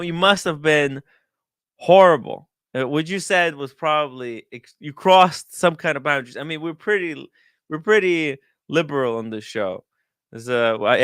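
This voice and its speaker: A man's voice: fairly high pitch, pushed and bright, clear, resonant tone, no room sound, studio quality. A man hosting a casual livestream, reading viewer comments in a sarcastic, profane, rambling way. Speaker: host. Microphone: close studio mic.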